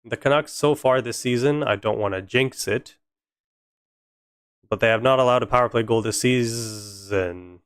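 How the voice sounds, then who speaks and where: A man's voice: mid-range voice, moderate pace, clean tone, dry recording, studio quality. A young man giving fan play-by-play on a live stream, frustrated and sarcastic about his team. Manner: exasperated, sarcastic fan commentary.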